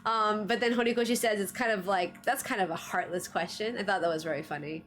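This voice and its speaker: A woman's voice: medium pitch, quick pace, fairly bright tone. Chatty woman streamer, laughing often. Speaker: streamer reviewing anime trivia. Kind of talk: casual livestream chat.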